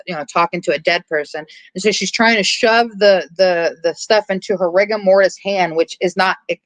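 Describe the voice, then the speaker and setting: A podcast host casually recapping a horror movie's plot, animated and quick to swear. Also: medium pitch, no echo, low-quality recording. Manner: animated storytelling, frequent swearing.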